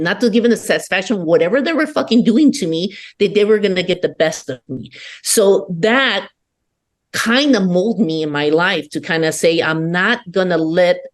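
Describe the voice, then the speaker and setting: A woman from Peru, a podcast guest, telling her own story bluntly and with lots of swearing. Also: mid-range voice. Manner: blunt, profane, emphatic. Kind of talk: candid personal storytelling.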